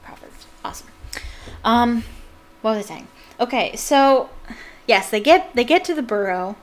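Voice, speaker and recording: A woman reading a novel aloud and breaking off into animated, ranting fan commentary. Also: fairly high pitch, moderate pace. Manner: animated, ranting, frequent laughs. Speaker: fan reader and book commentator. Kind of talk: casual read-aloud with commentary.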